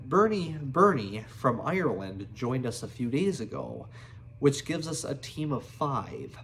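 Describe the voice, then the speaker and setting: Guy reading a memoir out loud, slow and measured, mid pitch, little bit of hiss. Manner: measured reading, breaking into excited, laughing asides. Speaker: audiobook reader.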